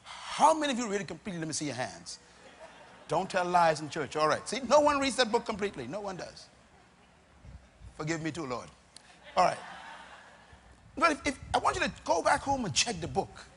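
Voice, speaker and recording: Middle-aged male pastor, high and bright, deliberate sermon delivery with dramatic pauses. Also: huge pitch swings, slight background noise. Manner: emphatic preaching with repetition and dramatic pauses.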